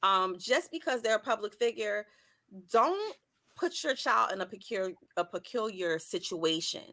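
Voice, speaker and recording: A woman co-hosting a casual talk show, chatting in a lively way with frequent fillers. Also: mid-range voice, measured pace.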